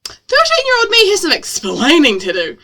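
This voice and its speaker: A young woman with a New Zealand accent, a streamer reading her own novel aloud with expressive, self-mocking asides. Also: extremely high pitch, moderate pace. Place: home room.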